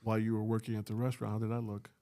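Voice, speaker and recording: A man hosting a podcast who asks short, prompting questions and gives quiet backchannel replies. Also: fairly low pitch, monotone, very fast. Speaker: podcast host. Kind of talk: interview questions.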